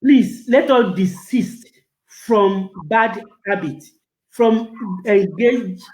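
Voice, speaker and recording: An older man speaks with passion in an interview, his voice pitched fairly high. He gets emotional and stumbles over repeated words as he presses his point. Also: lively intonation, drawn-out words, darkish tone, poor audio. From Nigeria. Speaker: guest. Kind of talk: impassioned interview answer.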